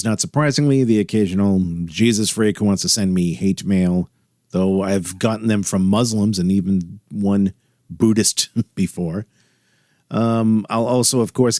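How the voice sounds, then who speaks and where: Dry, sardonic low-voiced man. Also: a little mellow, no echo. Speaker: podcast host. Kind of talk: solo podcast monologue.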